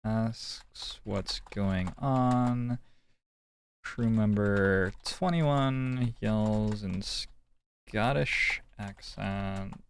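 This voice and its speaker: A man streaming a detective game, musing slowly and thinking aloud as he works through each scene. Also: lowish voice, a little hiss or hum. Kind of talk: casual let's-play commentary.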